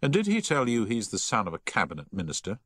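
A self-assured, well-spoken schoolboy speaks with a teasing edge, voiced by a male narrator. His pitch sits above a man's usual range and moves with lively inflection. The recording is close and dry. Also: quick pace, no room sound, full character voice.

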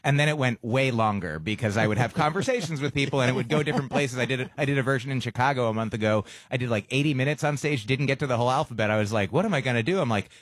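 A man's voice: medium pitch, racing, few pauses, no echo. A man, a stand-up comedian, chatting casually as a guest on a radio show, playful and self-deprecating, often restarting his sentences. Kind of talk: casual radio interview chat.

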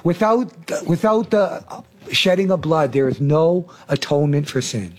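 A man's voice: fairly high pitch, unhurried. A man hosting a faith talk show, preaching with fervent emphasis. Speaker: host, preacher.

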